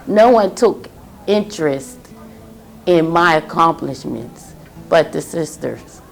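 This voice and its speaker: A middle-aged woman giving an emotional personal testimony, halting and pausing often. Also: low voice, expressive, creaky, soft background music. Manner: emotional, halting, with many pauses. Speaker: testimony speaker.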